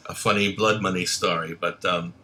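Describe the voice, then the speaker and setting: A man's voice: low voice, steady tone, moderate pace, sharp tone. A man, a film director and guest, telling rambling anecdotes in casual chat and laughing often.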